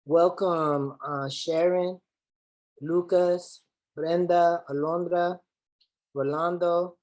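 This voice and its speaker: A woman's voice: on the low side, fairly even intonation, slow, a little mellow, low-quality recording. A woman from Los Angeles facilitating an online workshop over a video call in a playful, slangy, chatty way. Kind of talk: lively online workshop hosting.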